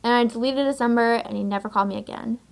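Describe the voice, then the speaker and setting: A woman's voice: on the high side, fairly even intonation, rapid-fire, creaky. A young woman vlogging to camera, telling a story in a chatty, exasperated way, full of "like" and "whatever".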